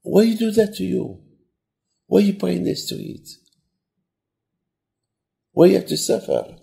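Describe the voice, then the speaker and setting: A man's voice: mid-range voice, expressive, normal speed, gravelly, mellow. A man voicing an anxious male homeowner who begs forgiveness from his guest. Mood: pleading. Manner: begging, apologetic.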